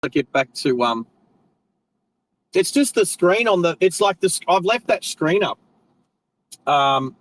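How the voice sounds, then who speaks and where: Chatty Australian man, fairly high voice. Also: sing-song, slow, pauses often, a bit bright, no room sound, rough recording. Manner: rambling, chatty, self-correcting, friendly slang. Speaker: live stream host. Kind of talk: casual live stream chat while driving.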